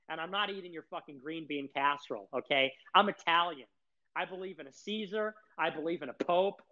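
A man with a somewhat high voice holds forth in a long, rambling monologue as host of a live online audio room. He is sarcastic and mocking, often breaking into scornful laughter. The sound is muffled and lo-fi, as if streamed over the internet. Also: a bit bright.

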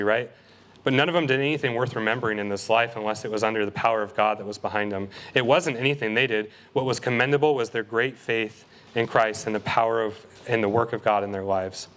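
Young male preacher with an earnest, emphatic sermon delivery, average pitch, slows for scripture readings. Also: a bit bright. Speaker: guest preacher. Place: college ministry service.

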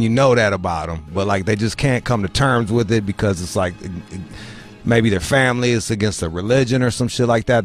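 A man from Michigan hosting a podcast, telling stories in rambling, profane casual banter. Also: on the low side. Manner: rambling, profane, restarts a lot. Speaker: podcast host.

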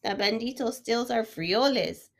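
A woman's voice: on the high side, moderate pace. A woman voicing the smallest male chihuahua in the pack, chatty and laid-back, with a casual, slangy way of talking in a storybook read-aloud.

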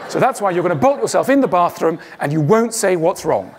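A man's voice: sits high, animated, fairly quick. A man giving a witty stage talk to an audience, acting out the voices he quotes. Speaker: public speaker.

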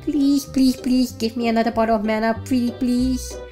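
A woman's voice: on the high side, steady tone, moderate pace, dark tone, soft background music, pitched above the performer's own voice, natural voice. A woman voicing a flustered young female factory worker who speaks apologetically and pleads with her boss. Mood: pleading.

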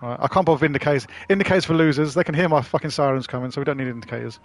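A gaming streamer plays a driving game live, bantering and joking with friends and swearing freely. His voice is fairly high and he talks at a racing pace.

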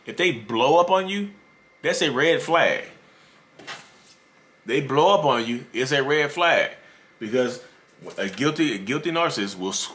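A man giving casual relationship advice straight to viewers, animated and joking. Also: medium pitch.

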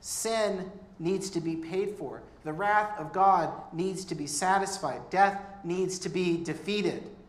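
A man's voice: high-pitched, slow. A man preaching a sermon as pastor, earnest and conversational, with humorous asides. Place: church. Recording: echoey church room.

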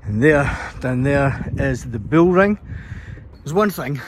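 A Scottish travel vlogger with a mid-range voice and lively intonation speaks slowly as he gives a chatty walking tour of a hilltop castle. He's out of breath from the uphill climb, pointing things out as he goes, and the outdoor vlog audio carries clear background noise.

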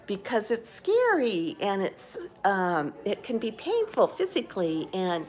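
A woman's voice: medium pitch, huge pitch swings, measured pace. An older woman telling a candid, rambling personal story in a casual video diary, talking from a rehab facility. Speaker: vlogger.

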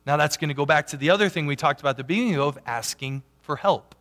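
A man preaching a sermon as a pastor, animated, swinging from loud emphatic peaks down to quiet asides. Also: fairly high pitch, racing. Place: church sanctuary. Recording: long church hall reverb.

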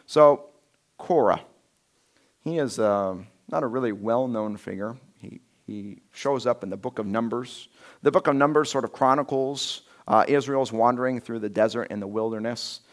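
A man preaching a conversational sermon as a pastor, telling the story casually and acting out quotes with lively shifts in voice. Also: medium pitch, moderate pace. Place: church sanctuary.

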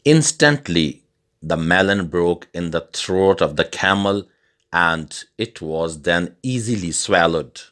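Slow, deep-voiced male narrator. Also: lively intonation, a bit bright. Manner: slow, deliberate. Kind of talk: scripted story narration for English learners.

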